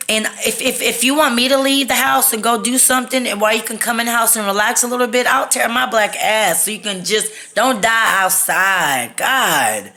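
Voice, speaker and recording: This storytime vlogger from Texas has a fairly high, sharp-toned voice and talks at a moderate pace. Candid and profane, she rambles through a personal story recorded on her phone.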